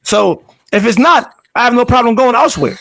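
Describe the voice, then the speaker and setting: A man's voice: extremely high pitch, lively intonation, fairly quick, gravelly, fairly bright tone, heavily acted. A man voicing a proud male football star who insists on what he is owed, repeating himself. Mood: insistent.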